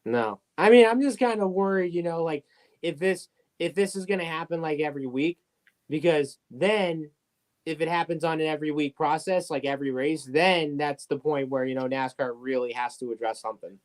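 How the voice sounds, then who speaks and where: A man's voice: fairly high pitch, normal speed. A man hosting a casual racing podcast, easygoing and agreeable in his delivery. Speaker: podcast host. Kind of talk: casual sports talk.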